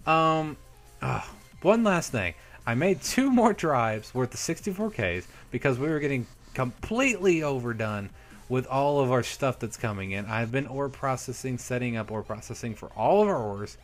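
A young man in casual gameplay commentary, chatty and upbeat as he talks viewers through his build. His voice sits at an ordinary middle pitch. Soft background music plays faintly under him. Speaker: Minecraft let's play host.

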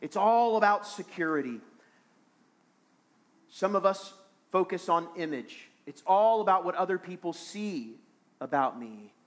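A man's voice: sits high, animated, measured pace, long pauses, a bit bright. A man preaching a sermon as pastor of a small church, earnest and repeating phrases for emphasis.

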